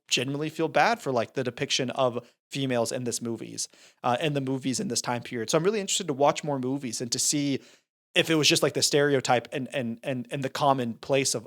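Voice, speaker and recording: A man co-hosting a film review podcast, retelling scenes in a rambling, animated way with many restarts. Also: medium pitch. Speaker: podcast co-host. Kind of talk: casual film review chat.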